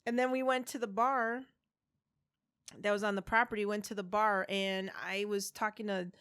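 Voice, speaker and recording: A woman's voice: mid-range voice, normal speed, clear, resonant tone, no room sound, studio quality. A woman in her forties co-hosting a podcast, telling a story with swearing and acted-out voices for the people in it. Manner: animated storyteller, acting out quoted voices, swearing freely. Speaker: podcast co-host. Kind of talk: casual chat, storytelling.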